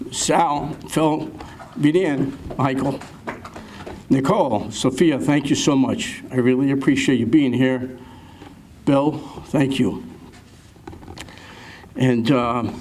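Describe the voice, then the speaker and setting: A man, a town councilman giving an emotional speech at a town meeting, halting and repeating words as he thanks people. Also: mid-range voice, darkish tone, slight background noise.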